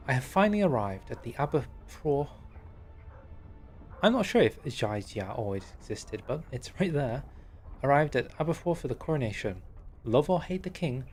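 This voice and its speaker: Young man, game livestream commentary, chatty, wry, middle pitch, faint music under him. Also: a little mellow. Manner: chatty, wry, reads in-game text aloud. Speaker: streamer.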